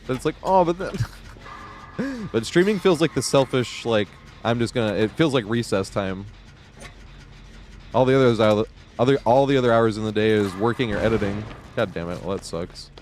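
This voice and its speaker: A man's voice: fairly low pitch, normal speed, darkish tone, faint music behind. Rambling, laughing gaming streamer guy. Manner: rambling, laughs often, swears casually. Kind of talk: casual gaming stream chat.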